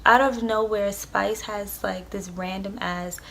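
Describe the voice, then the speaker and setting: A woman's voice: mid-range voice, fairly even intonation, takes it slowly, creaky, a bit bright, a little hiss or hum. Rambling, profane young woman telling a story. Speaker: vlogger. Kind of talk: storytime vlog.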